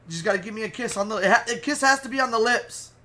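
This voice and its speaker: A man's voice: high voice, rapid-fire, bright, forceful tone. A man voicing an angry, drunk young man who curses and throws a fit after losing a bet. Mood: coaxing. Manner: whiny, cursing, throwing a fit.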